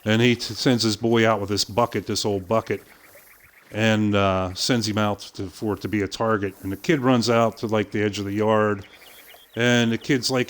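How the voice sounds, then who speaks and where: Low-voiced older man telling a story. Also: normal speed. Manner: animated anecdote-telling with impressions and swearing. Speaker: gaming streamer. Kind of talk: casual storytelling while playing.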